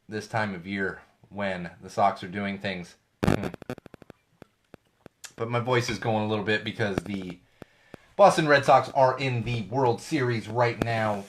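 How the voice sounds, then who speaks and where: A middle-aged man talks casually into a studio mic for his podcast. His voice is starting to go hoarse, and he rambles, stops, and corrects himself mid-sentence in an easy, unscripted way. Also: on the low side, background noise. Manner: rambling, chatty, self-correcting asides. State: losing his voice. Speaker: podcast host. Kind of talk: casual solo podcast talk.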